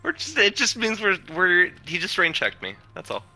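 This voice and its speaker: A man's voice: high-pitched, huge pitch swings, normal speed, sharp tone, soft background music. A man playing a video game while chatting, joking about his own mistakes. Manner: joking, self-mocking about his play. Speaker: player in a gameplay video. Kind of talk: casual gameplay chat.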